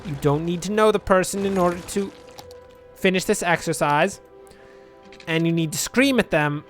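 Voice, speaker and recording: A man with a fairly high voice talks his way through a city-building game in an easy, offhand manner. He rambles from one joke to the next, dry and self-mocking, and spins out absurd tangents. Faint music plays behind him. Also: animated, normal speed, fairly bright tone. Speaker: let's play commentator. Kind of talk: casual gameplay commentary.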